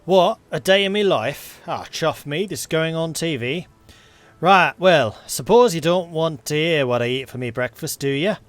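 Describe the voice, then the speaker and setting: A man voicing a gruff, blunt Yorkshire military policeman with a put-on Northern English accent, grumbling in a folksy way. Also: on the high side, animated, moderate pace, dry recording, faint music behind, voice pushed up, natural voice.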